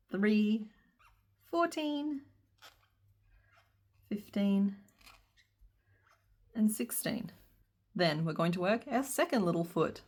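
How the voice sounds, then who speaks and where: A woman's voice: mid-range voice, fairly bright tone. A woman teaching a crochet pattern step by step, counting stitches aloud and breaking into giggles. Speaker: crochet instructor. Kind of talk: step-by-step craft tutorial.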